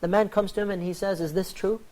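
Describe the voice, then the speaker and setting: A man hosting a religious panel talk on charity, telling stories in an animated way and acting out the quoted lines. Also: high-pitched, quick pace. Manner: animated storyteller, acts out quoted dialogue. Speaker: host.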